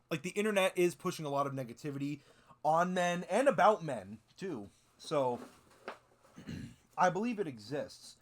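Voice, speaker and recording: Rambling young man, lively streamer chat. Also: on the high side. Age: 20s. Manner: animated, swearing, rambling with many fillers. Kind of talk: casual stream chat reacting to videos.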